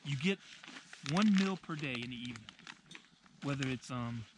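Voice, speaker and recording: A man's voice: medium pitch, animated, moderate pace, noisy background. A man chatting casually at a winter campsite, telling training stories with easy laughs. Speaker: vlogger. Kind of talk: casual chat. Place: snowy winter campsite outdoors.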